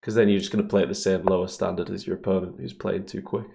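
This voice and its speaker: A man streaming chess and thinking aloud in a casual, hesitant way, with a deep, gravelly morning voice. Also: flat delivery, quick pace, mellow. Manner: thinks aloud, hesitant fillers, chuckles often. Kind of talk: casual live commentary on chess games.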